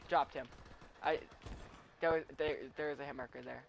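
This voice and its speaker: Teen guy chatting over a shooter game, kinda high voice, light hiss in the recording. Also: fairly even intonation, moderate pace, creaky. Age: teens. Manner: rambling, chatty, tells stories with restarts. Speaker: gaming commentator. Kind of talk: rambling live gameplay commentary.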